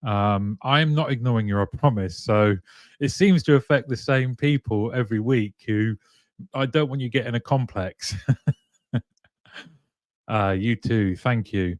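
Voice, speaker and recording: A man's voice: mid-range voice, a little slow, no room sound, clean studio sound. A man hosting a live stream, chatting casually and greeting viewers one by one by name, with plenty of ums. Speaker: live show host.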